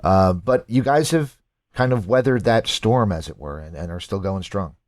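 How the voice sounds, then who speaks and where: Low-voiced man hosting an interview. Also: dry recording, studio quality. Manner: relaxed, fan-like, quick affirmations. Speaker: interview host. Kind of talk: casual interview talk.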